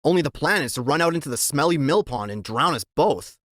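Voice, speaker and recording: A man reading a children's story aloud in the first person, telling it in a lively, expressive way. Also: a little high, a little fast, no echo, studio quality. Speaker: reader.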